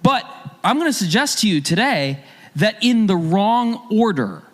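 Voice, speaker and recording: A man's voice: high voice, big pitch swings, measured pace. A man preaching a sermon as a pastor, talking in a conversational way and asking his listeners rhetorical questions.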